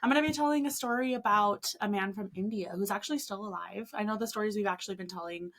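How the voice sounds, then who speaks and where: A young American woman on a podcast telling her sister a true story in a relaxed, laughing way. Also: medium pitch, fast talker. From United States. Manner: easygoing, laughs often, friendly agreeing. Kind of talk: casual storytelling chat.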